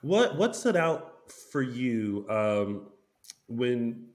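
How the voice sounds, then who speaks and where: A man co-hosting a podcast, asking halting interview questions with many restarts. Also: medium pitch, sing-song, darkish tone. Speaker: podcast co-host.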